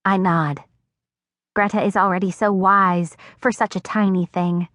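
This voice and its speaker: Woman reading a kids' audiobook, mid-pitched, expressive, super dry studio sound. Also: a little slow, dry recording. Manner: expressive, acting out dialogue. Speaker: audiobook narrator. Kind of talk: scripted first-person narration. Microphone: close studio mic.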